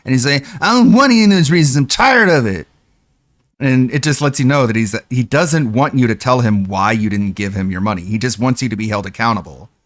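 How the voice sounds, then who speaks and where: A man's voice: mid-range voice, dry recording, clean studio sound. A man streaming reaction commentary, mocking another streamer with sarcastic, profane impressions.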